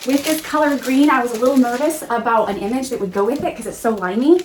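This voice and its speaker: A woman hosting a casual crafting tutorial, gushing and excitable, often exclaiming over her work. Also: fairly high pitch, quick pace, hardly any pauses, echoey room. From Pacific Northwest of the US. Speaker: crafting channel host.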